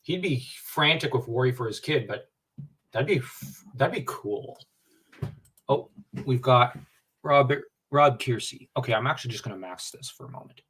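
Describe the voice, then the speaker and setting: Male livestream co-host, casual rambling fan talk, mid-pitched voice, sits back from the mic. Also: moderate pace. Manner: animated, rambling, many fillers and restarts. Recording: distant from the mic.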